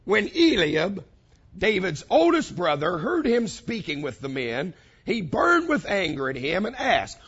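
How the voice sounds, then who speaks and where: A man preaching a sermon, building points with repeated phrases and dramatic pauses. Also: sits high, breathy edge, muffled recording. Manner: animated preaching with dramatic pauses and vivid quoted voices. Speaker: pastor.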